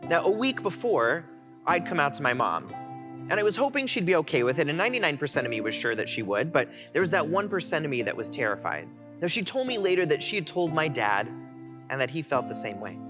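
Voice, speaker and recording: A man in his twenties giving a heartfelt keynote, telling his own story in an animated way. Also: a little high, quick pace. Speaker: keynote speaker. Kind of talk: personal storytelling talk. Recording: music playing underneath.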